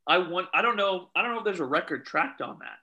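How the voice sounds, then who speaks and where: Casting: man, referee storyteller, very bright voice, a little high, animated, quotes people. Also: fast, vocal fry, dull audio. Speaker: youth soccer referee. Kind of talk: casual chat, storytelling.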